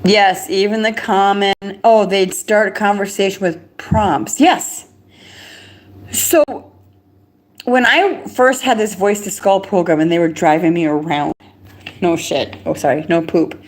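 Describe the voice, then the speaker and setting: A middle-aged woman from the United States talking in a rambling live-stream monologue, agitated and quick, restarting sentences and laughing. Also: mid-range voice. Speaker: livestreamer.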